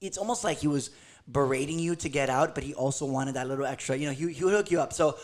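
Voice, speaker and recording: A man's voice: mid-range voice, quick pace. A man in his late twenties co-hosting a podcast, telling a rambling story with many restarts and laughs in a casual chat. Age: late 20s. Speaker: podcast co-host.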